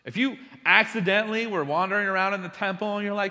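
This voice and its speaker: A man delivers a sermon in a bright, forceful voice pitched a little high. He tells his stories with drama, dropping to slow, hushed passages and then bursting out loud. The sound carries a long reverb, as in a large hall. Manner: animated storytelling, swinging between hushed and loud. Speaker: preacher.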